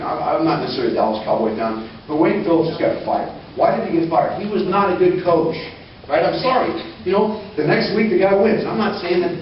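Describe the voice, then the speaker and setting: A fast, high-pitched man telling a motivational story to a crowd, acting out each quote as he goes. He sounds far off in a very echoey room, and the recording is dull and lo-fi. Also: slight background noise. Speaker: motivational speaker.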